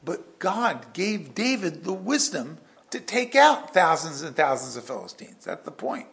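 A man preaching a verse-by-verse sermon with an animated delivery that swings from loud emphasis to hushed asides. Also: fairly high pitch, a little slow, gravelly. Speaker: pastor.

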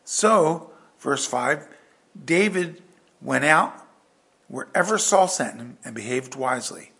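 Gravelly animated preacher man. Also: mid-range voice, takes it slowly. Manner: animated, swings from loud to hushed. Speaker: pastor. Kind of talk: verse-by-verse sermon.

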